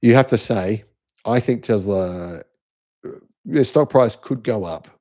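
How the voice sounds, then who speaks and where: A middle-aged man with an Australian accent hosts a live-stream and talks through viewers' comments. His voice is dark and mellow. He presses his points insistently and keeps restarting his sentences. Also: fairly low pitch, a little slow. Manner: emphatic, insistent, restarts often. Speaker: channel host.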